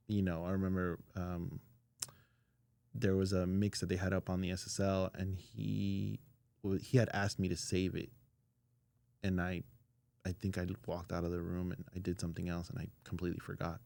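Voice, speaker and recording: Male interview guest, low-pitched with gravelly fry, loose storyteller with lots of fillers. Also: normal speed. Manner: relaxed, filler-heavy anecdotes. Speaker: audio engineer guest.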